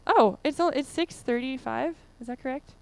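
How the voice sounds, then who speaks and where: Woman, conference speaker, high voice, chatty with lots of "like"s, very clear sound. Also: moderate pace, darkish tone. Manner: chatty, many fillers and "like"s. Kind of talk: casual conference talk. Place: conference room.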